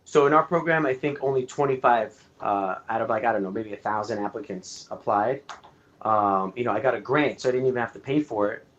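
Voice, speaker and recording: A man's voice: mid-range voice, fairly quick, dull audio. A man from Canada, a guest film director, chatting casually in an interview and telling his story candidly, with plenty of swearing and fillers.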